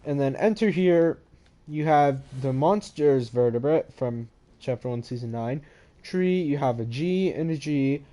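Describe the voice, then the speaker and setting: A young man with a soft, mellow voice pitched a little high narrates a relaxed game map walkthrough. He rambles, trails off and sounds sleepy, speaking into a headset microphone. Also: a little slow. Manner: rambling, sleepy, yawning and apologizing. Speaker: gaming channel host. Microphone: head-mounted microphone.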